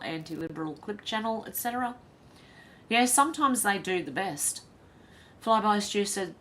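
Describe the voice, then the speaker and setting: Woman host, low voice, reads chat and reacts, faint rumble in background. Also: fairly bright tone. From Ireland. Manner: reads comments then reacts with quick asides and laughs. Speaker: livestream host reading chat. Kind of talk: casual chat reading viewer comments aloud.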